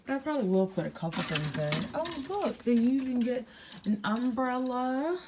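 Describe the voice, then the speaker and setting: A woman's voice: fairly high pitch, moderate pace, background noise. A young woman giving a chatty, slangy hotel room tour in casual vlog style, with many fillers. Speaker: vlogger.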